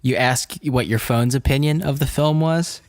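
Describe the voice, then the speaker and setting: A tired, sleep-deprived man hosting a casual podcast, jokey and quick with silly bits. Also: medium pitch, no echo. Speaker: podcast host.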